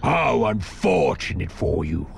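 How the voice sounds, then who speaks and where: An actor playing a smug, menacing male orc captain in a video game, with a gravelly, theatrical taunting delivery. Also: low voice, big pitch swings, takes it slowly, noisy background, exaggerated voice.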